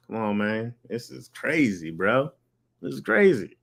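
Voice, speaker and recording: A young man hosting a casual livestream, reading chat and riffing in slang, laughing often and jumping up in pitch when excited. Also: measured pace, gravelly, noisy background.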